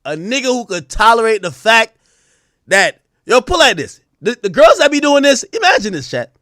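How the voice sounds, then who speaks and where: Guy streamer going off at chat, real high voice, swoops all over, crude and loud in bursts. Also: normal speed, dry recording, studio quality. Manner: animated, crude, bursts into shouting. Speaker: live streamer. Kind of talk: profane live-stream rant to chat.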